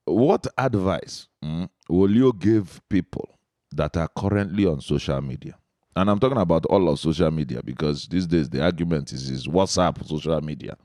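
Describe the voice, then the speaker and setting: Guy hosting a podcast, low voice, jokey questions, dry mic. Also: normal speed, darkish tone, dry recording. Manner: playful, teasing questions. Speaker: podcast host. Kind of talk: casual interview chat.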